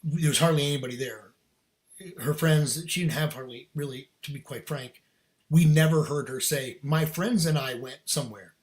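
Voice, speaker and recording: A man's voice: fairly high pitch, moderate pace. A middle-aged man, a podcast guest, telling a personal story in casual, earnest, emphatic talk with slang.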